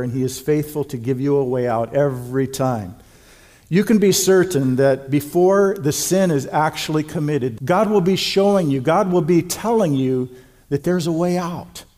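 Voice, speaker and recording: Middle-aged male pastor, sermon delivery, emphatic and earnest, a touch high-pitched. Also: dark tone. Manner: earnest, emphatic preaching with slow stressed phrases.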